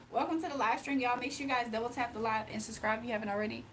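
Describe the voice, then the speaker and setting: A young woman from Virginia hosting a casual livestream, reading comments aloud, emotional and quick to laugh. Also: on the high side, fairly even intonation, fairly bright tone, a little hiss or hum. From Virginia, USA. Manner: emotional, giggly, talks to chat. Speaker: livestream host.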